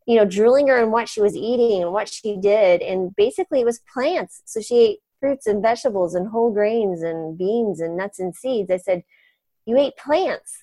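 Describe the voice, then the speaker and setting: A woman in her forties, a physician guest, telling a story in an animated, chatty way with many fillers and laughs. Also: medium pitch, normal speed, few pauses, no room sound. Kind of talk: conversational storytelling.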